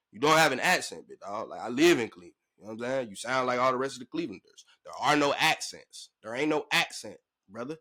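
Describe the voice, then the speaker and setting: A man ranting to camera in a sports vlog, emphatic and slangy, his pitch jumping up when he gets worked up. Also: sharp tone. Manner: emphatic, slangy, calling the listener "bruh" and "big dog". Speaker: sports vlogger.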